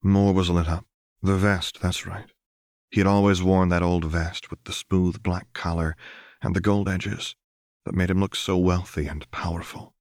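A man narrating fan fiction as an audiobook in a slow, measured, dramatic reading. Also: sits low, little pitch movement, darkish tone, dry recording, clean studio sound.

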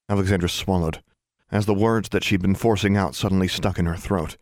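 Low-voiced man narrating an audiobook. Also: steady tone, a little mellow, no room sound, studio quality. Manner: measured storytelling, acting out quoted voices.

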